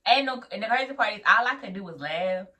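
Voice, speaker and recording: A young woman vlogger, a new nurse, telling a story in a casual, animated way, acting out what people said and laughing often. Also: mid-range voice, quick pace, recorded from a distance. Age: young adult.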